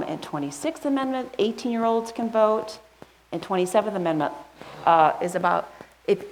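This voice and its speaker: Woman pastor, casual and chatty sermon, lower voice, faint room noise. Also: low-quality recording. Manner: chatty, asks the congregation questions; rushes through a list, skipping items. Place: church sanctuary.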